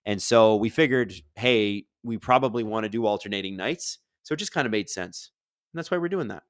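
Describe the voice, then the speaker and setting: A man with a lowish, smooth voice hosts a live hockey watch-along, chatting casually, commenting on the game, and reading viewer questions from the chat aloud. He speaks a little fast, energetic and rambling. The recording is dry with clean studio sound.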